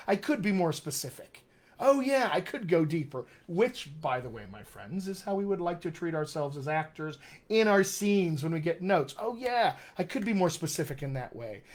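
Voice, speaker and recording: A man teaching accents on a live stream, reading viewer comments aloud in an upbeat, chatty, encouraging way. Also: on the high side. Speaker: dialect coach.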